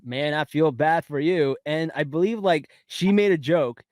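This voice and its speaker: A man co-hosting a casual TV recap podcast, animated and often laughing through his sentences. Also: on the high side, moderate pace, dry recording. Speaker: podcast co-host. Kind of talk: casual pop-culture recap chat.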